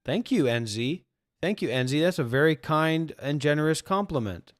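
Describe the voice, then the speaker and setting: A man with a fairly high-pitched voice talks bluntly and profanely to viewers on a livestream. He speaks as a spiritual teacher, recorded dry with no room echo. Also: lively intonation, moderate pace.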